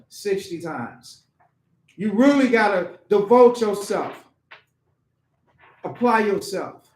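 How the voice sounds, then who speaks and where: A man preaching an informal sermon, asking his listeners questions, repeating key phrases and laughing often. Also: sits high. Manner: animated, asks the congregation questions, laughs often. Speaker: preacher teaching scripture. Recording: echoey room.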